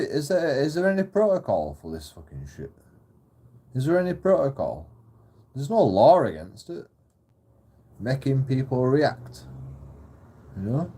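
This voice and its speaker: A man's voice: medium pitch, very animated, measured pace, pauses often, dark tone, breathy edge. A man ranting profanely to camera in a repetitive monologue vlog. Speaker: channel host.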